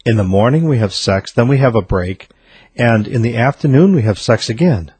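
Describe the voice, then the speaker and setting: A man's voice: medium pitch, animated, moderate pace, a little mellow, slightly rough, no room sound. A man voicing a dead husband, now reborn as a rabbit, speaking matter-of-factly in a joke.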